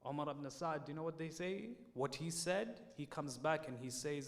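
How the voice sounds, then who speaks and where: A man preaching a sermon in a mosque, telling a story with sharp rises and drops. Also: fairly high pitch, moderate pace, hardly any pauses. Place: mosque hall. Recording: long reverb in a mosque hall.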